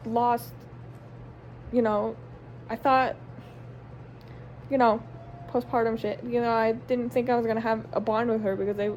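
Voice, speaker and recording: A young mother vlogs straight to camera in a slightly high voice. She is blunt and unfiltered, and she swears in nearly every sentence. Her long, run-on sentences are packed with "like" and "um". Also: a little mellow, a little hiss or hum. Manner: blunt, swears constantly, emotional and candid; run-on sentences with many likes and ums. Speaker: stay-at-home mom and vlogger. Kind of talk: casual storytelling to camera.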